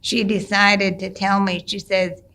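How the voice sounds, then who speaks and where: A middle-aged woman telling a traditional story casually, unhurried, with gentle hesitations and restarts. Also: mid-range voice, flat delivery. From United States.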